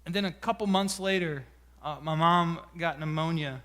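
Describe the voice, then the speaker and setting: Man pastor, sermon delivery, personal and emotional, halting restarts, high tenor. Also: fairly even intonation, fairly bright tone. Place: church sanctuary.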